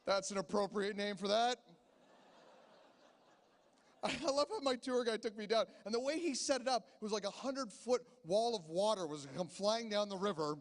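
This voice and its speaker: Male comic, thirties, high voice, chatty storyteller, casino showroom with long reverb. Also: moderate pace. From Canada. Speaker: stand-up comedian. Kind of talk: stand-up comedy set. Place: casino stage.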